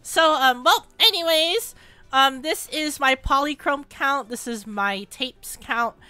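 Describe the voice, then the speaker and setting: A woman hosting a casual gaming video, commenting on her pulls and breaking into shrieking, repeated exclamations when excited. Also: high-pitched, slow, no echo. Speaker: gaming channel host. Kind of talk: casual gacha pull commentary.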